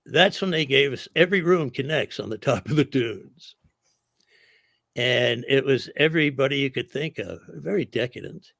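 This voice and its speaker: An older man, a comedian guest, telling animated anecdotes in a casual interview and acting out the quotes. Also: medium pitch, moderate pace, gravelly, dry recording, studio quality.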